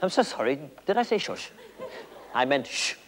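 A man's voice: medium pitch, very animated, normal speed. A man playing a prim, fussy interviewer in a live stage comedy sketch, with nervous verbal tics. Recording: live theatre stage with hall reverb and noise.

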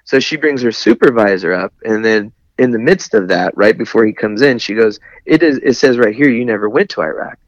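A man's voice: lowish voice, a little fast, hardly any pauses, dry recording, dull audio. A man, a Navy veteran, telling a long personal story in casual, candid speech with wry humor. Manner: candid, wry, laughs at his own anger. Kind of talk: conversational storytelling.

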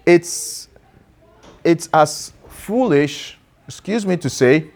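A man gives a relaxed, interactive sermon. He talks to his listeners as a pastor and teacher would. He asks questions and calls on people by name to read. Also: fairly high pitch, takes it slowly.

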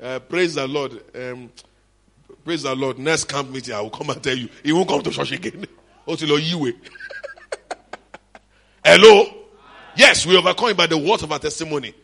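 A middle-aged man with a Nigerian accent preaching a lively sermon at a church conference, shouting at times and slipping into Yoruba asides. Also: a little high, moderate pace, vocal fry, pauses often.

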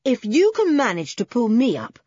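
A woman's voice: fairly high pitch, wildly swooping pitch, normal speed, warm tone, breathy edge, no room sound, lo-fi sound, voice pushed up, heavily acted. A woman voicing a brave young man, a pilot, speaking steadily and practically.

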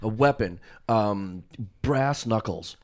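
Low-voiced man with long drawn-out fillers. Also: animated. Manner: long drawn fillers, blunt and crude jokes. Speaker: podcast co-host. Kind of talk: casual group chat.

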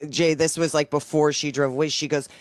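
A woman's voice: sits low, little pitch movement, brisk, no echo. A woman in a casual podcast chat, bluntly recounting events with indignation.

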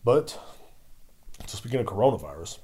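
A man's voice: medium pitch, very animated, moderate pace, darkish tone, slightly rough. Rambling, profane guy. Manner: rambling, profane, repeats "you know what I'm saying". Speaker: vlogger; liquor store worker. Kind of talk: casual rant.

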